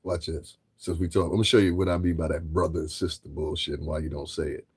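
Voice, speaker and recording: A man's voice: rumbling low, level tone, fast talker, a little mellow, husky, no room sound. A man commentating on a livestream in a blunt, profane, lecturing rant.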